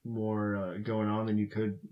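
Low-voiced man with dry quips. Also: flat delivery, measured pace, muffled recording. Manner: dry, brief quips and backchannels. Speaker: podcast co-host. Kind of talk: casual film review chat.

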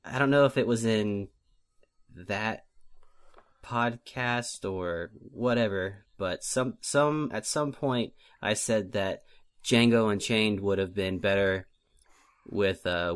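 A man's voice: fairly low pitch, expressive, takes it slowly, fairly bright tone, clear, resonant tone. A man co-hosting a casual movie podcast, rambling and self-deprecating with many fillers. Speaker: podcast co-host, film list maker.

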